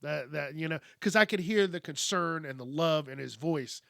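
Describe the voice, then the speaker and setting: A man hosting a podcast, telling a story in a casual, animated, profane and wry way. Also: a little high, moderate pace, vocal fry, no room sound, clean studio sound. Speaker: podcast host.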